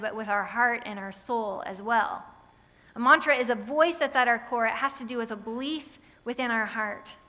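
A woman's voice: a little high, pushed and bright. A woman preaching a sermon in a conversational storytelling way, acting out the voices of the people in her stories. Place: large church sanctuary. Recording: long reverb of a big hall.

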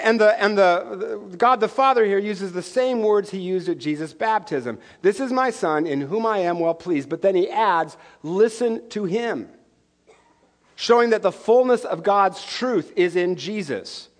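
High-voiced man preaching a joking sermon. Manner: lively, joking, conversational preaching with frequent "right?". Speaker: pastor.

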